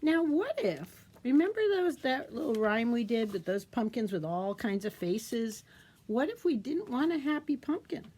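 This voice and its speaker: A middle-aged woman, a children's librarian, leading a storytime craft demo for kids, talking in a gentle, sing-song, teacherly way and asking the little ones questions. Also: fairly high pitch, big pitch swings, normal speed, slightly rough.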